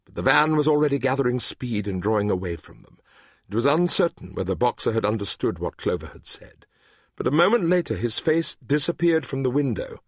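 A man narrating a story in a measured, expressive reading voice, recorded close to the mic. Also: medium pitch, breathy edge, dry recording. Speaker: audiobook narrator.

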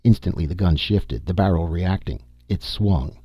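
A man reading a science-fiction story aloud in a steady, even narration. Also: sits low, normal speed, slightly rough, dry recording, clean studio sound. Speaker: audiobook narrator. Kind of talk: scripted narration.

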